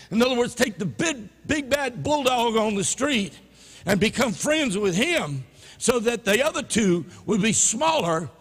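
Animated preaching man in reverberant church. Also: breathy edge. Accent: Louisiana Southern American. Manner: animated preaching, swinging from low murmurs to loud emphatic peaks. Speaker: pastor. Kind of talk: sermon. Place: church sanctuary.

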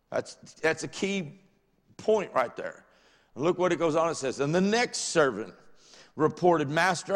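A male pastor with a Southern US accent delivers a sermon. He reads the passage aloud and then unpacks it in plain, everyday words, his fairly high voice carrying. The church audio rings with a long hall reverb. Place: church sanctuary.

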